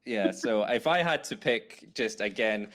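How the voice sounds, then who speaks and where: A man's voice: lowish voice, animated, a little slow, a bit bright. A man co-hosting a casual podcast, rambling a little and quoting lines with a laugh. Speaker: podcast co-host. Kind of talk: casual chat.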